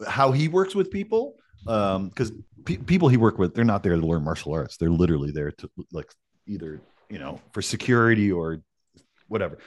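A man co-hosting a casual martial arts podcast, agreeable and laughing along, with halting restarts. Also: fairly low pitch, no echo. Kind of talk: casual chat.

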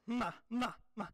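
A man impersonating a big male preacher, drawing out words and building to a shout. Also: extremely high pitch, dry recording, studio quality, full character voice. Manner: drawn-out, shouting, dramatic pauses.

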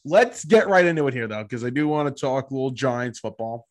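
A man's voice: mid-range voice, animated, a little fast. A man co-hosting a sports podcast, talking bluntly and laid-back, saying he is tired. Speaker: podcast co-host. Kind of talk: casual sports chat.

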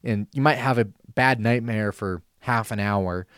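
Male talk-show host, earnest and deliberate, repeats for emphasis; dry booth sound. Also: on the low side, a bit bright, smooth, dry recording. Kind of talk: Christian talk show monologue.

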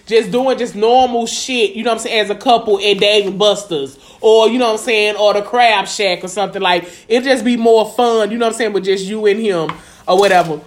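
Brisk and mid-range, a woman co-hosts a podcast in loose, casual conversation. She curses without hesitation and leans on "you know what I'm saying" throughout, in an echoey room.

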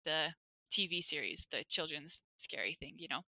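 A young woman co-hosting a podcast, telling a story in a casual chat, animated and laughing, with lots of "like". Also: sits low, brisk, no room sound. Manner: animated, laughing, says "like" often.

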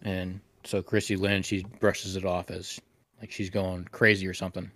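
A man with a fairly low voice co-hosts a casual podcast, rambling and cursing as he recounts a story. The sound is dry and close, with little room echo. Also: level tone, moderate pace, fairly bright tone. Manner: crude, rambling retelling with profanity. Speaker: podcast co-host.

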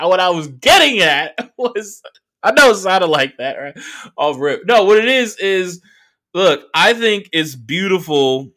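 A man in his thirties from the Bay Area talks through a solo podcast episode, storytelling with loose profanity and mocking voices. His voice sits fairly high for a man and swings widely in pitch. The tone is bright and edged. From San Francisco Bay Area. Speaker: podcast host.

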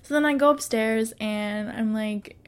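A woman's voice: on the high side, a little slow, clear, resonant tone. A young woman in her twenties telling a storytime to her viewers in a casual monologue, chatty and swearing freely, with many fillers and frequent laughter. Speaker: vlogger.

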